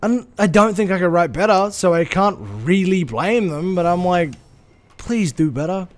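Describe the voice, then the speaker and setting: A man streaming live, chatting casually with viewers, ranting animatedly with plenty of swearing and quick apologies. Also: high-pitched.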